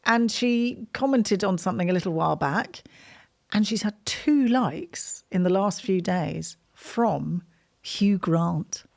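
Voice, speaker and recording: A middle-aged mother chats with her son on their podcast, her voice rising and falling with a lot of life. She is giggly and eager to share gossip, with a mid-range pitch. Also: expressive, slow pace, creaky, darkish tone. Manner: chatty, giggly. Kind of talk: casual chat.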